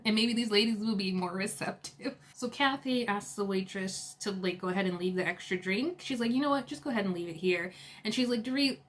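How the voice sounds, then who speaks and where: Young woman, casual recap vlogger, chatty, lots of fillers, mid-pitched voice. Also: a little fast. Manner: chatty, heavy "like" fillers, laughs often.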